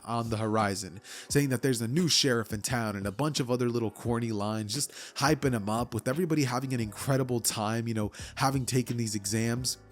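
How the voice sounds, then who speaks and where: Casual male fan storyteller. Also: mid-range voice. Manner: casual, chatty, with asides to viewers.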